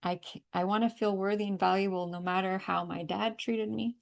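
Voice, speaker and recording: A woman leading a guided energy-healing call, calmly repeating affirmations and breathing cues. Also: medium pitch, a little fast, gravelly. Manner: calm, repetitive guiding with breathing cues. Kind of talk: guided tapping and affirmation session.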